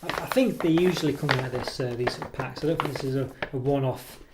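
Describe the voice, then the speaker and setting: A man's voice: medium pitch, fast, heavy background noise. Rambling man reviewing chocolate. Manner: rambling and hesitant, with many ums and self-corrections; self-deprecating. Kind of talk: casual product review.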